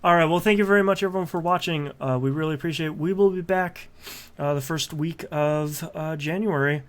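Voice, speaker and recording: A man hosting a video game podcast in casual chat, relaxed and chatty, with lots of "uh" fillers as he talks. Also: on the high side, a little fast. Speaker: podcast host.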